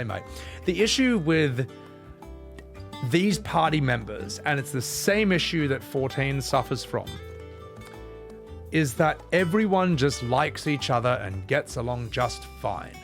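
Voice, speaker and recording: A man's voice: a little high, sing-song, unhurried, soft background music. A young man giving sarcastic, sweary live commentary while streaming a game and reading chat.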